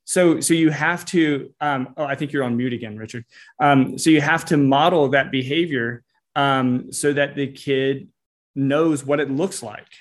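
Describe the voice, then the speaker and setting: A man co-hosting a podcast, talking in a conversational way with frequent fillers and quick agreement. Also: mid-range voice, fairly even intonation. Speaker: psychologist co-host. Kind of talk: casual podcast discussion.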